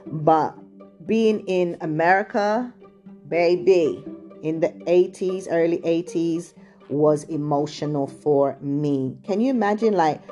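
A middle-aged British woman tells a loose, chatty story about her childhood, wandering off on side tracks. Her voice sits low and sounds warm and dark. Faint music plays softly behind her. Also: slow. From England, also raised in Chicago. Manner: chatty, digressive, many "like" and "you know". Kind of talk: casual storytelling monologue.

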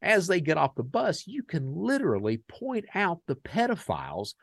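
A man from the United States hosting a podcast, telling a story in a casual, animated and profane way and acting out the dialogue. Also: a little high, normal speed, gravelly, no echo. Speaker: podcast host.

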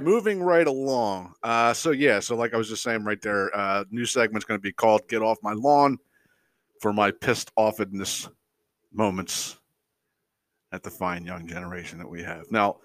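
A middle-aged podcast host with a mid-range voice, recorded with no room sound, goes on a casual comedic rant. He's profane and animated, laughing frequently as he tells his stories.

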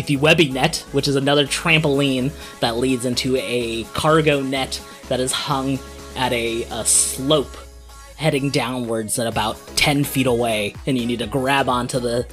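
Unhurried game master narrating a scene. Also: mid-range voice. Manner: descriptive, unhurried, with filler pauses.

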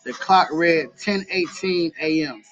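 A man's voice: on the high side, unhurried, a bit bright, soft background music. A man hosting a podcast, talking earnestly about faith and grief, repeating key phrases for emphasis. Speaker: podcast host. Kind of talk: faith-based personal talk. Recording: slightly dull lo-fi recording.

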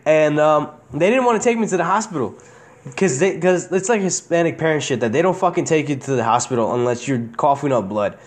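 A man's voice: on the high side, brisk. A young man hosting a podcast, telling childhood stories in casual chat, swearing freely and laughing often. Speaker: podcast host.

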